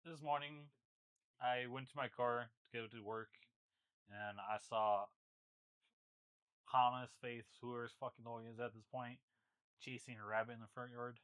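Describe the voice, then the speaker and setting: A man's voice: medium pitch, steady tone, a little slow, pauses often, fairly bright tone, smooth. A man telling a rambling story in a casual podcast chat. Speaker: podcast co-host.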